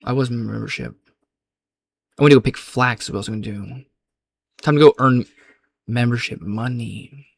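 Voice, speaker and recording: A man's voice: medium pitch, normal speed, vocal fry, pauses often, no room sound. Rambling, slangy young man. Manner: loose, slangy, rambling with frequent restarts. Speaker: gaming vlogger. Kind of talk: casual rambling chat.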